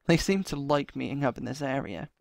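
A man's voice: medium pitch, lively intonation, fairly quick, creaky, dry recording, studio quality. A man voicing his character in a game role-play, muttering to himself with sighs and then pleading urgently. He is out of breath. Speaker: roleplay series host playing his character.

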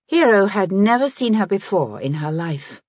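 A woman reading a historical novel aloud as an audiobook narrator, in a measured storytelling manner. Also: mid-range voice, sing-song, slightly rough, no echo, dull audio. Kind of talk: scripted narration.

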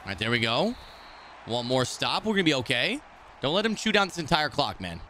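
A man streaming a football video game, commenting live in a brash, excitable, trash-talking way. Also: mid-range voice, a little fast, a little hiss or hum.

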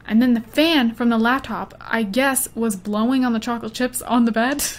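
Playing a life-sim game, a young woman who makes gaming videos talks in a somewhat high voice at an even, moderate speed. She giggles a lot, gets sidetracked easily, and wanders between commentary and storytelling.

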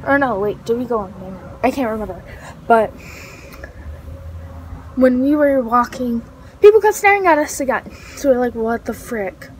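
A woman's voice: on the high side, expressive, moderate pace, pauses often, slight background noise, low-quality recording. A teenage girl telling a story in a casual vlog, rambling with lots of fillers and self-corrections. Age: teens. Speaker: vlogger.

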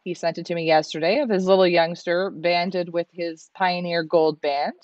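A woman's voice: lowish voice, fairly even intonation, moderate pace, darkish tone, dry recording, dull audio. A woman from Canada hosting a livestream, chatting and reading out viewer comments. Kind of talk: casual livestream chat.

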